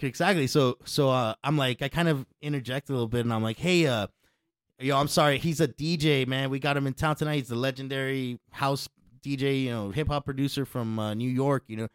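A man telling a long story in casual, profane chat, acting out other people's lines in loud bursts. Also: medium pitch, a little fast, smooth, dry recording, studio quality. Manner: profane, animated, acts out quotes loudly.

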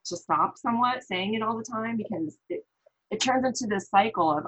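A woman's voice: mid-range voice, a little fast, breathy edge, rough recording. A woman from the American Midwest, a guest on an interview show, telling a story animatedly and acting out what others said. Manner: animated, quotes others in lively voices. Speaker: guest, parent.

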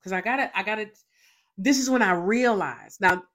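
A woman's voice: mid-range voice, moderate pace, a bit bright. A young woman hosting a faith show, telling a personal testimony in a dramatic, emphatic way with lots of repetition.

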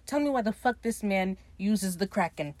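Animated woman recapping episodes. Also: mid-range voice, no room sound. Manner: animated retelling with quick mimicked quotes and asides. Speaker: podcast host recapping a show. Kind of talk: casual chat.

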